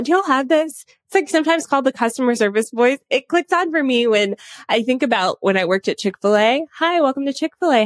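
A woman's voice: mid-range voice, no room sound, clean studio sound. A woman hosting her own podcast, chatting in a casual, upbeat way with lots of asides. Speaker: podcast host.

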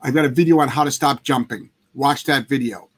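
Answering viewer questions during a relaxed live chat, the dog trainer speaks at medium pitch, a little fast, with a slightly rough edge. He's blunt, emphatic and swears a lot.

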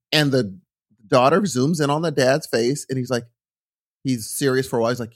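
Animated, rambling middle-aged man. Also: mid-range voice, moderate pace. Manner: rambling, animated storytelling with restarts. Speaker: podcast co-host. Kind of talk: casual chat.

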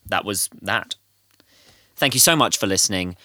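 A man's voice: fairly low pitch, animated, moderate pace, pushed and bright, dry recording, clean studio sound. A man co-hosting a comedy podcast, talking in a playful, wry way with rambling asides. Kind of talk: casual banter.

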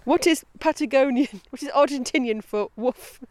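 A woman with a high, slightly mellow voice speaks at normal speed. She hosts a podcast outdoors on a woodland path, chatting casually, giggling, and breaking into asides while reading aloud.

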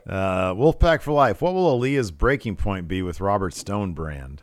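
Laid-back deep-voiced man, dry mic. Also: expressive, normal speed, dry recording. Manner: laid-back, laughs easily, trails off. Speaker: podcast co-host. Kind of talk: casual chat reading fan questions.

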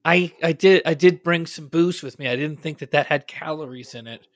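A man's voice: a little high, normal speed, natural voice. A man playing a sheepish guest arriving at a fitness retreat in an improvised comedy scene, hesitant and stammering. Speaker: improv performer.

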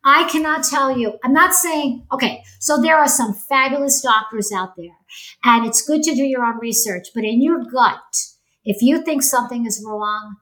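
A woman in her sixties speaks as a guest in a casual podcast conversation. Her voice sits a little high, and she stresses her points earnestly. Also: normal speed, fairly bright tone, rough recording. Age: 60s.

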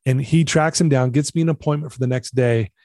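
A man recounts his story on a podcast in an earnest, confessional way, voicing the people he quotes. His voice is mellow and dark, at a middle pitch. The sound is dry and close. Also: brisk, no room sound. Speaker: podcast guest. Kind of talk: storytelling interview.

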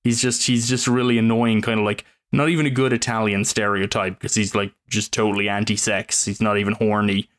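A man co-hosting a podcast, chatting casually about films, animated and quick to swear and laugh. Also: lowish voice. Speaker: podcast co-host. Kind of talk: casual film review chat.

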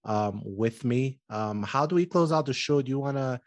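A man's voice: medium pitch, animated, moderate pace, no room sound. A man from Southern Nigeria hosting a podcast, chatting casually with a guest and using lots of "you know" fillers. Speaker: podcast host. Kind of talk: casual interview chat.

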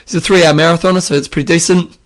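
A man co-hosting a casual podcast, relaxed and chatty with plenty of fillers as he reads out listener questions. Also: a little high, very fast.

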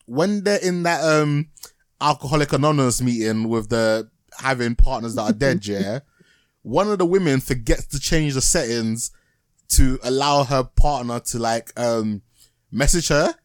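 Reviewing a TV show on his podcast, a man talks casually and unhurriedly in a medium-pitched, resonant voice, recorded clearly with no echo. He rambles, laughs a lot, and keeps restarting what he's saying.

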